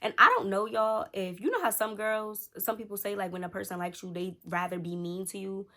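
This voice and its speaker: Woman, thirties, chatty storytime host, mid pitch, talks to viewers. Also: brisk. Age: 30s. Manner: chatty, talks straight to viewers, animated retelling. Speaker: storytelling vlogger. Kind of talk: casual storytime chat.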